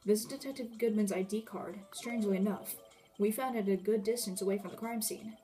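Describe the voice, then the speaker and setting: A woman's voice: medium pitch, steady tone, fairly quick, mellow, soft background music, close to an everyday voice. A woman voicing a swaggering male cowboy police officer with a put-on Texan drawl and folksy sayings.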